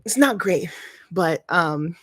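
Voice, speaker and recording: A woman's voice: fairly low pitch, animated, takes it slowly, fairly bright tone, breathy edge, no room sound. A woman hosting a casual livestream from her family home, chatty and a bit short of breath, thinking aloud and restarting her sentences. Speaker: livestream host.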